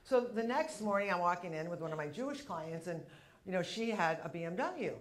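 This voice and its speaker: A woman's voice: on the low side, lively intonation, a little fast. A woman in her fifties doing a punchy stand-up comedy routine in a comedy club, working the crowd. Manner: brash, punchy delivery with crowd work. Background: audience laughter.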